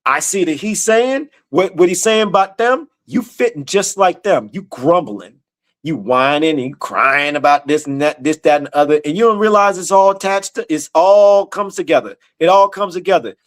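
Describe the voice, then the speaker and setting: A man leading an informal Bible study, blunt and emphatic, repeating his points in casual slang and reading scripture aloud slowly. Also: fairly high pitch, expressive, fairly bright tone. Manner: reads scripture slowly in a raised, declaiming voice.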